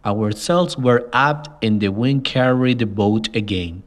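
A man reading a simplified adventure story aloud as the narrator, in a slow, measured way. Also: fairly low pitch. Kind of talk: scripted audiobook narration.

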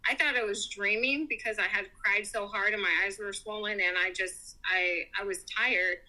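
A woman's voice: medium pitch, normal speed, low-quality recording. A mother as a podcast guest, telling an emotional story and acting out what others said. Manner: animated, quoting others in lively voices.

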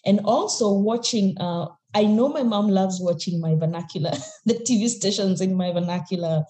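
A young Kenyan woman speaks in a mellow, dark-toned voice, candid and reflective, laughing often as she talks. Her voice rings in an echoey room, and she restarts phrases as she goes. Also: mid-range voice, normal speed. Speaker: podcast guest. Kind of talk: podcast interview.

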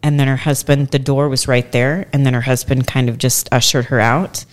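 Her voice is extremely low and a little fast. She's a woman in her forties in a casual podcast chat, telling a long personal story and animatedly acting out what other people said.

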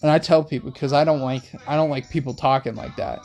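A young man hosting a rambling late-night monologue in laid-back slang, with soft music playing behind him. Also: mid-range voice, steady tone, quick pace. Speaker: host. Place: in a car.

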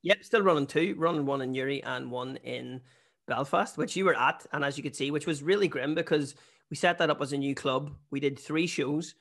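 A man's voice: fairly high pitch, fairly bright tone. A young man with a Northern Irish accent, a stand-up comedian chatting as a podcast guest and telling funny stories. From Northern Ireland. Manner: chatty storyteller, quick jokes. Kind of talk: casual podcast chat.

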